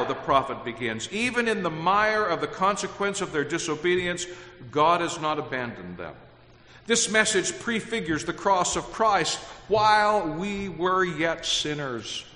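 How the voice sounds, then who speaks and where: A man preaching a sermon in a measured, earnest way, reading scripture aloud with emphasis. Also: fairly high pitch, bright, forceful tone. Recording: echoey hall with long reverb.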